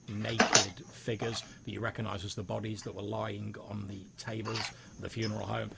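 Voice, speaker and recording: A man acting as game master, narrating the scene in steady, descriptive detail. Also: on the low side, vocal fry, a little hiss or hum.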